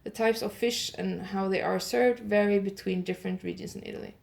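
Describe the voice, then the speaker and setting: A woman hosting an audio advent calendar show. She reads holiday facts in one improvised take, pauses with "uh" to fix her pronunciation, and adds chatty asides to her listeners. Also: medium pitch, steady tone, vocal fry, a little mellow. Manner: reads steadily, stops often with "uh" to correct her pronunciation.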